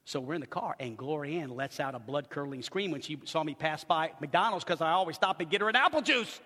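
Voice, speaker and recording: Older guy preaching, bright forceful voice, acts out stories, echoey big church. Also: fairly high pitch, fairly quick. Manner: animated storytelling, acts out loud screams. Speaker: pastor. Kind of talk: sermon.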